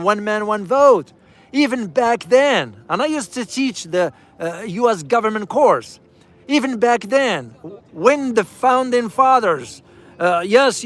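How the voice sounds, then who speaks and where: Emphatic high-voiced man vlogging on the move. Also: fairly bright tone. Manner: emphatic, repeats key phrases for stress; speaks directly to viewers as "guys". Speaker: travel vlogger and commentator. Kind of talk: casual live-streamed travel commentary.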